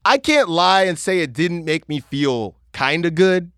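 A man's voice: on the high side, a little slow, dry recording, studio quality. A young man hosting a podcast, telling a vacation story casually with lots of fillers and restarts. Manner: rambling, lots of filler words and restarts, animated retelling. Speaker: podcast host.

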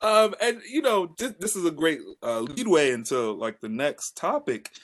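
A man's voice: fairly high pitch, moderate pace, a little hiss or hum. A man hosting a casual podcast chat, steering topics with frequent ums. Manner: expressive, laughs easily, fillers like um. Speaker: podcast host.

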